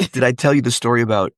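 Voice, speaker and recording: Man, middle-pitched voice, dry close sound, upbeat podcast guest, explains with examples. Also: a bit bright, no echo. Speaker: guest actor and dialect coach. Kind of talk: casual interview chat.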